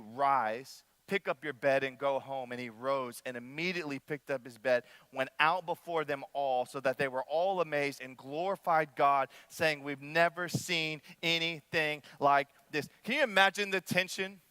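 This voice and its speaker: A young man preaching a sermon, animated, often acting out the voices of people in the story and speaking straight to the crowd. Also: a little high, normal speed, few pauses, clear, resonant tone, no echo. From United States. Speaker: young adult ministry pastor.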